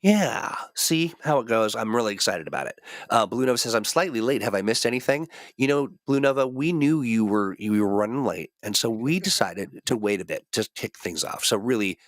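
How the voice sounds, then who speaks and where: Rambling livestream host, lowish dry voice. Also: male voice, lively intonation, brisk, few pauses, no echo. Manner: rambling, full of fillers and restarts. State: recovering from a cold. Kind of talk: casual livestream chat.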